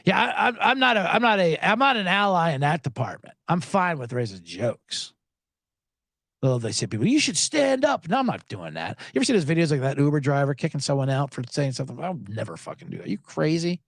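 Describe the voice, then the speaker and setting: Speaking fairly fast with vocal fry, a man hosts a live sports podcast in Los Angeles, recorded clean in a studio with no echo. His casual, sarcastic rants are animated, and he often imitates people in a high, raised voice.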